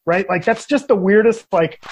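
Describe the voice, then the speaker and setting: A man on a podcast as a guest critic, talking casually and opinionated in animated rants. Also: high-pitched, moderate pace, a little hiss or hum.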